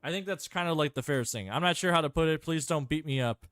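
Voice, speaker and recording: A man's voice: on the high side, fast talker, fairly bright tone. A man casually commentating his own strategy gameplay, rambling and thinking aloud with many fillers and self-mocking asides. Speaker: gameplay streamer.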